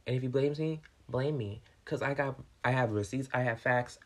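A man's voice: medium pitch, moderate pace. Fired-up man telling a storytime. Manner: animated, swearing, swings from calm to worked up. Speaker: vlogger, restaurant manager. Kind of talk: casual storytime vlog.

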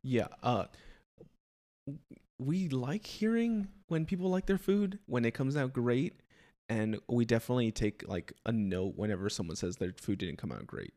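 A man on a casual podcast, talking softly and hesitantly about his work. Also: mid-range voice, lively intonation, normal speed. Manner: soft-spoken, hesitant. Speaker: podcast co-host.

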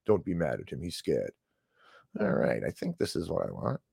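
A man's voice: very deep voice, wildly swooping pitch, normal speed, creaky, darkish tone, husky, dry recording. A man hosting a live podcast in a casual, heated and rambling way, often restarting his sentences in a folksy style. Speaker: podcast host. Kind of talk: casual ranting live stream commentary.

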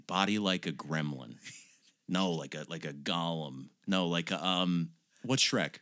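A man's voice: low-pitched, a little slow, fairly bright tone, no room sound, studio quality. A man co-hosting a podcast in casual, profane chat, often slipping into put-on voices for bits. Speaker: podcast co-host.

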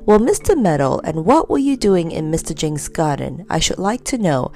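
A woman's voice: lowish voice, big pitch swings, normal speed, dark tone, faint music behind. A woman voicing a stern male head policeman who lectures and scolds in a storybook reading. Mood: scolding. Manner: lecturing and reproving. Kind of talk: storybook character voice.

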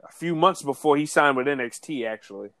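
A man talking in a relaxed, casual podcast chat, full of filler words. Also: a little high, brisk, no echo.

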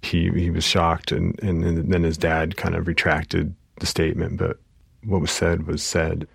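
A therapist telling an emotional story from his practice, halting often with fillers. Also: low-pitched, completely flat delivery, creaky, breathy edge, no room sound, studio quality. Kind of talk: personal storytelling.

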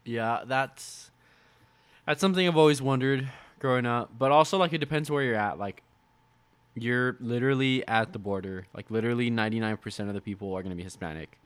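A man's voice: mid-range voice, fairly quick, clean tone. Easygoing young man, mid voice. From Mexican heritage. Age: young adult. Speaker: podcast co-host. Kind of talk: casual chat.

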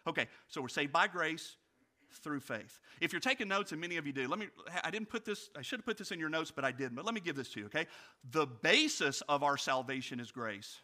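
Bright-voiced animated male pastor. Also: fairly high pitch, fairly quick. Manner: animated storytelling, rising loud for anecdotes, dropping quiet for reflection; direct, addresses congregation with questions. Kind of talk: sermon.

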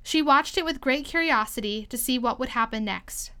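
A woman reading a storybook aloud in an expressive, lively storytelling manner. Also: high-pitched, normal speed. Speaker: storybook reader. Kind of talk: storybook read-aloud narration.

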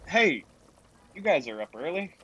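A man's voice: on the high side, big pitch swings, unhurried, sharp tone, highs cut off, slight background noise. A man acting a sheepish adult son who hesitates and mumbles. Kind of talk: scripted family drama acting.

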